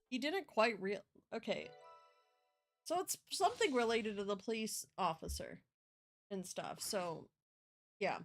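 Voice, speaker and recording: A playful young woman streaming a game, chatting casually and humming along. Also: mid-range voice. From US West Coast. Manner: playful, bubbly, hums and voices characters. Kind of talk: casual gameplay commentary.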